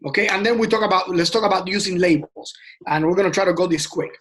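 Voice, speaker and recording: A man's voice: high-pitched, fast talker. A man teaching a sales training session in a casual, passionate way, often repeating words and restarting sentences. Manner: passionate and emphatic.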